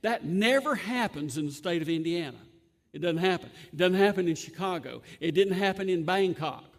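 High-voiced Southern preacher, folksy and joking. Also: male voice, animated, moderate pace. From Southern United States. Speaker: pastor. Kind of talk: sermon. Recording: long hall reverb.

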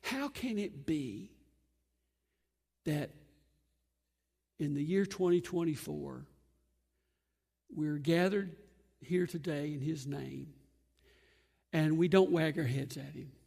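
A man preaching an earnest sermon, emphatic and pausing often between phrases. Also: on the high side, gravelly, warm tone, husky. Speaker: pastor. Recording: long hall reverb.

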